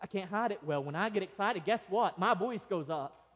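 A male pastor preaching a sermon, swinging between loud excitement and soft quiet. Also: high voice, a little fast. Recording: long hall reverb.

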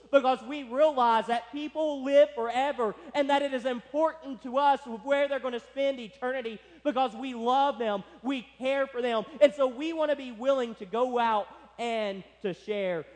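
High-voiced man preaching in a reverberant hall. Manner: emphatic preaching, slowing and stressing key words. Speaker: pastor. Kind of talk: sermon. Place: church sanctuary.

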